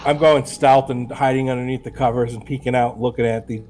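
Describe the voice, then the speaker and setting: A man's voice: medium pitch, steady tone, brisk, a little mellow, soft background music. A man playing in a tabletop game, speaking in a casual, plain-spoken way. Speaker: player.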